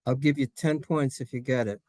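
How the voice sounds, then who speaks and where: A man's voice: medium pitch, steady tone, fairly quick, warm tone, dry recording, studio quality. A man teaching a playful Hebrew lesson to children in a synagogue classroom, jokey and sing-song.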